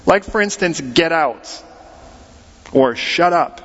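An American man in middle age preaches in a conversational style, his fairly high voice ringing with a long hall echo. The sound is a bit muffled and dull, as if it was recorded in a big church sanctuary. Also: slow. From United States. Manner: animated, conversational preaching with acted-out quotes. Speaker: pastor. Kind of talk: sermon.

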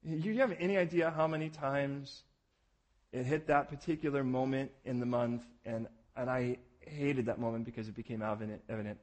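A man in his thirties preaching a sermon, telling stories in an animated way and acting out voices, going from hushed to loud. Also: fairly high pitch, normal speed. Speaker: pastor.

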